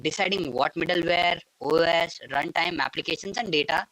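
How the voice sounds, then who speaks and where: A man's voice: fairly high pitch, moderate pace, pushed and bright, no echo, low-quality recording. A man teaching a tech lesson in a patient, explanatory way, often repeating stock phrases as he walks through each idea. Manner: patient, repeats filler phrases like "go ahead" and "and all those things". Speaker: instructor.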